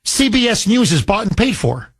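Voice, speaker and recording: Male radio host, high lively voice, combative and repeats himself a lot, dry sound. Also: normal speed, breathy edge, no echo. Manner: emphatic, repetitive, combative. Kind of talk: call-in talk radio.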